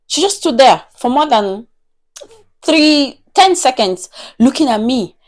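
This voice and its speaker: A woman tells a story to camera in a chatty, animated vlog style, her speech full of "like". Her voice sits fairly high and leaps around lively as she talks. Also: slow. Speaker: vlogger. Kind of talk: casual storytime chat.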